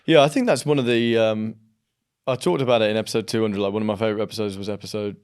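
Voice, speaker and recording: A man's voice: fairly low pitch, steady tone, rapid-fire, darkish tone, clean tone. A young man co-hosting a casual podcast, telling anecdotes in a chatty way with frequent restarts. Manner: chatty storyteller, lots of restarts. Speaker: podcast co-host. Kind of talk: casual conversation.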